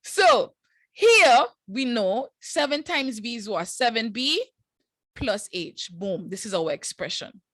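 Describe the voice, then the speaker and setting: A woman's voice: fairly high pitch, lively intonation, slow pace, fairly bright tone, dry recording. A woman teaching a live online math class, walking students through each step in a casual, encouraging way with slang asides.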